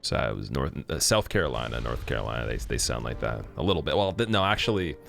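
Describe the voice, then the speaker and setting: A man's voice: extremely low pitch, expressive, fast talker, vocal fry, fairly bright tone. A man from Canada chatting casually with viewers while streaming a game, rambling with plenty of fillers. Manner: rambling, many fillers and restarts. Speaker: livestreamer.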